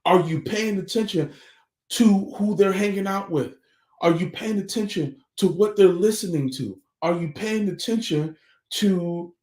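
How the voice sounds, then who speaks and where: Earnest high-voiced man preaching to parents. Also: a little mellow, reverberant. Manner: earnest, preachy, repeated rhetorical questions. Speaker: family life speaker. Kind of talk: morning motivational talk.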